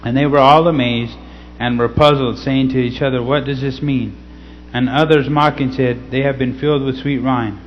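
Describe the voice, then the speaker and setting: A man's voice: mid-range voice, steady tone. Guy teaching scripture, laid back, keeps saying okay, slightly dull recording with faint hum. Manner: casual, keeps checking in with "okay?"; slow, deliberate scripture reading. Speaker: pastor.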